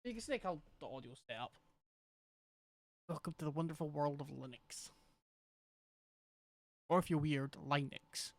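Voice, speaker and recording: A man's voice: a little high, lively intonation, normal speed, long pauses, no room sound. A man with a Scottish accent streaming a game, rambling and thinking aloud as he troubleshoots his setup. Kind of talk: casual gameplay commentary.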